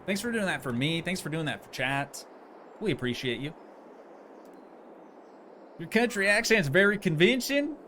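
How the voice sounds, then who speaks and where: A man's voice: fairly high pitch, big pitch swings, normal speed, long pauses, bright, forceful tone, a little hiss or hum. A man streaming a game live, chatting casually, joking and answering his chat as he plays.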